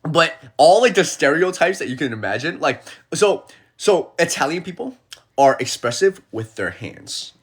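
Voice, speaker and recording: A young man talking casually into his phone on a livestream. He tells his stories with plenty of energy, acting out the people in them, and his voice leaps up and down in pitch, sitting a little high for a man. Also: normal speed, husky. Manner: animated storyteller who acts out the people he quotes.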